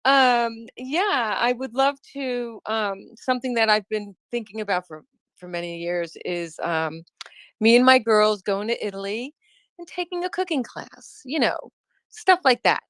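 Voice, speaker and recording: A woman talking as a guest in a casual online chat, reflective and halting, often restarting her phrases. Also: fairly high pitch, a bit bright, clean tone, no room sound.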